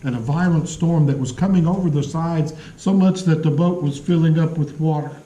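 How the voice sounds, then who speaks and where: A man preaching in a church sanctuary, his mellow, slightly high voice carried by a roomy echo. He tells stories earnestly, slowing down and pausing for effect. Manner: earnest storytelling delivery with dramatic pauses. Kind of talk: sermon.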